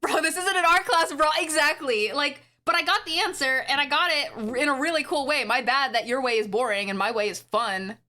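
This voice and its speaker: A woman streaming live, chatting casually to her viewers in an excitable, rambling way with frequent giggles. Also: high voice, a little fast, hardly any pauses. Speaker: streamer and animator. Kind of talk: casual livestream chat.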